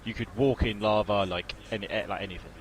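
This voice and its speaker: A man's voice: lowish voice, rough recording. A young man co-hosting a casual podcast, often repeating himself as he starts sentences over. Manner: stammering restarts, fast talk. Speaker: podcast co-host.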